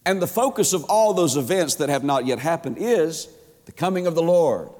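A man preaching an emphatic sermon as a pastor, stretching words and swinging his pitch up and down. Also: expressive, normal speed, a little mellow. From Georgia, USA. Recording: long hall reverb.

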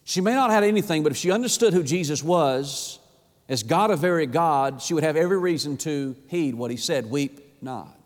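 A man preaching a sermon, impassioned, often repeating words and swinging between hushed and rising delivery. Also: a little high, animated, fairly quick, big-room sound.

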